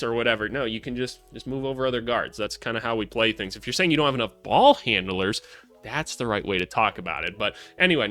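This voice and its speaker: A young man hosting a basketball analysis channel, talking casually and bluntly with swearing and lecturing his viewers. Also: sharp tone. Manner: blunt and profane, lectures viewers, mocks commenters in shrill voices. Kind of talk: casual commentary to camera.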